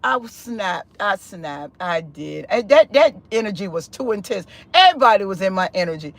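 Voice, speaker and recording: A woman in an animated spiritual testimony on a live stream, chatty and expressive, often calling the listener "honey" and "sis". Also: moderate pace, vocal fry, dry recording. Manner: expressive and chatty, with big pitch swings and laughter; loose conversational speech with frequent "honey" and "sis".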